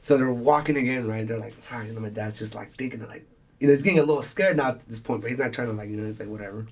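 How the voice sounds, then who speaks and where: A young male podcast host tells a long story in a loose, rambling way, swearing freely and slipping into the voices of the people he quotes. His voice is husky and sits in a middle pitch. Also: racing. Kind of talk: casual storytelling chat.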